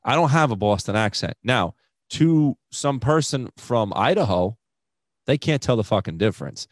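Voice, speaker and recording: A man's voice: medium pitch, animated, normal speed, no echo, studio quality. A young man with a Rhode Island accent, a stand-up comedian chatting casually on a podcast in profane, self-deprecating rants.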